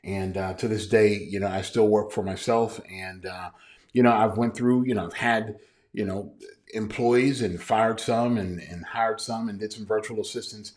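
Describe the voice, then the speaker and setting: A man's voice: fairly low pitch, steady tone, normal speed, a little mellow. A man in his thirties hosting a business coaching podcast, talking casually and earnestly with many fillers and restarts. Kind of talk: podcast introduction monologue.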